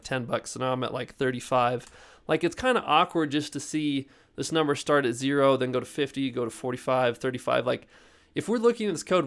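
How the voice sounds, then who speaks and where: A man's voice: mid-range voice, clean tone. A young man giving a casual coding lesson, talking loosely with lots of "like" and "you know" as he explains step by step. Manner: loose and chatty, heavy with fillers like "like" and "you know". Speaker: programming instructor.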